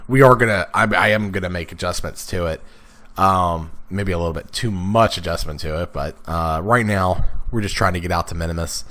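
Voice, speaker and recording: A man with a raspy, stuffed-up voice, casually talking through his gameplay with lots of fillers and restarts. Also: sits low, a little fast, bright, forceful tone. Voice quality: raspy, congested from blocked sinuses. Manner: rambling, many fillers and restarts. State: sniffly, stuffed up. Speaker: let's play gamer.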